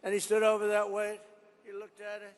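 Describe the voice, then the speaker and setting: A man's voice: sits high, completely flat delivery, a little fast. A man giving a rally speech, rambling into stories and boastful asides and repeating his points for emphasis. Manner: repetitive, emphatic phrasing. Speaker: politician addressing a rally. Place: large event venue. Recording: long hall reverb from a big venue.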